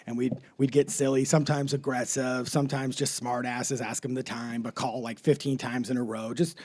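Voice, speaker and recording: A man's voice: medium pitch, level tone, normal speed, a little mellow. A middle-aged man, a comedian, telling a profane story in a rowdy, swearing, laughing way. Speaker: comedian guest.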